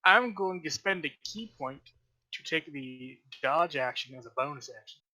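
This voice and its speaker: Male player, measured, thinks aloud, bright edgy tone, slightly high. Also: animated. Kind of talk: tabletop game play.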